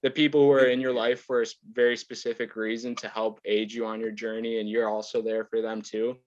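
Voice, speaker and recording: A young man in his twenties talks as a podcast guest, easygoing and meandering. His voice sits at a middle pitch. The sound is dry and a little dull. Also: flat delivery, brisk, no echo. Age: 20s. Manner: laid-back, rambling, laughs often. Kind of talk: casual chat.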